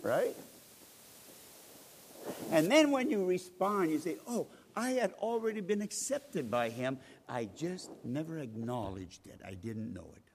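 A male pastor preaching a sermon, animated, acting out voices of the people he quotes. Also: on the high side. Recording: reverberant hall, faint noise.

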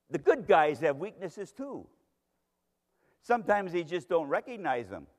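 A man preaching a sermon, telling a Bible story dramatically and speaking straight to its characters. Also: a little high. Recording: long hall reverb.

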